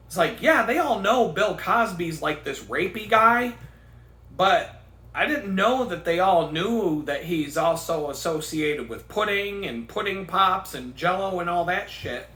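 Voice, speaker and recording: Bright-voiced, rambling, profane Gen X man. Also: high-pitched, lively intonation, slow pace. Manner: profane, rambling storytelling with bursts of laughter. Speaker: vlogger. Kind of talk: casual rant. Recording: echoey room.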